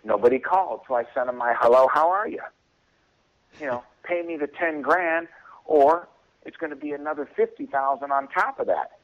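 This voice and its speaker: A man's voice: on the high side, moderate pace, muffled recording. A man telling stories as a radio show guest, chuckling often and acting out what people said to him. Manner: chuckling, acts out quoted voices. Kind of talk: casual storytelling.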